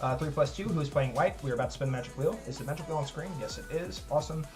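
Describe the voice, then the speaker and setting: A man's voice: fairly high pitch, rapid-fire, over loud music. Rambling man hosting a chess stream. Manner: rambling, heavy use of "like" fillers; joking, self-deprecating. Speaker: chess tournament streamer and host. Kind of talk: casual live-stream chat.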